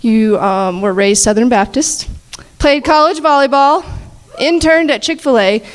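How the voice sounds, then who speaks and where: A woman's voice: a little high, a little slow. A woman hosting a chapel-service panel, asking playful, teasing questions on a handheld mic and laughing often. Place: campus chapel gathering. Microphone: handheld mic shared with guests.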